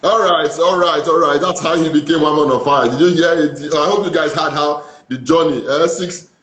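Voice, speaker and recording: A man's voice: a little high, moderate pace, fairly bright tone, slight background noise. A man hosting an interview, summing up his guest's story for the audience. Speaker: show host. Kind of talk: casual interview talk. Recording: roomy echoey recording.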